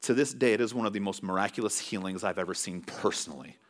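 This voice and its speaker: A man preaching a sermon as a pastor, telling stories in a conversational, animated way. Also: on the low side, fast. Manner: conversational storytelling with animated swings.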